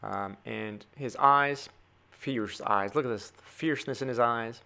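A man's voice: mid-range voice, unhurried, creaky, pushed and bright, clear, resonant tone. A man giving a chatty drawing tutorial, talking to viewers as he sketches. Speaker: drawing teacher.

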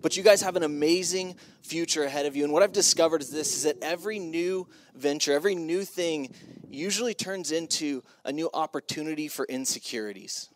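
Middle-aged male keynote speaker, slightly high voice, chatty and funny, sermon at a school event. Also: fairly quick, slight background noise. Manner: casual and humorous, acts out his own reactions. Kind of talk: sermon to graduating students.

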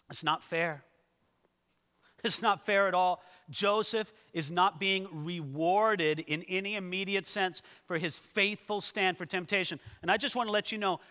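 A male pastor preaching a sermon in a lively way, speaking directly to his listeners. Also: high-pitched, in a large hall. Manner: animated, talks straight to listeners. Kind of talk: expository sermon.

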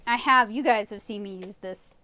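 A woman's voice: medium pitch, normal speed, pushed and bright, a little hiss or hum. A woman comic artist chatting enthusiastically through a live watercolor painting tutorial, rambling with fillers as she loses her voice. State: losing her voice.

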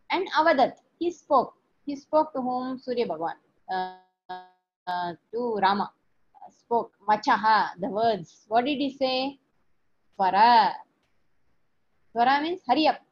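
A woman's voice: on the high side, lively intonation, a little slow, pauses often, husky. A woman teacher explaining scripture in a chanting lesson, talking in a conversational way with rhetorical questions, on a dull lo-fi recording.

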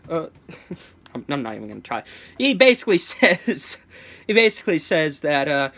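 A young vlogger with a fairly high, somewhat bright voice tells a casual storytime, rambling along with plenty of restarts and stammers and chuckling between phrases.

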